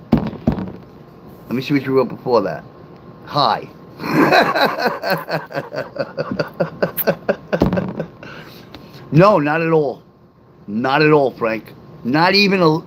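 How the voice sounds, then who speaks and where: Middle-aged man, livestream host, loose rambling delivery, answers his chat out loud, faint hum underneath. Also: mid-range voice, poor audio. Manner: rambling, talks straight to chat viewers; reads and answers live comments aloud.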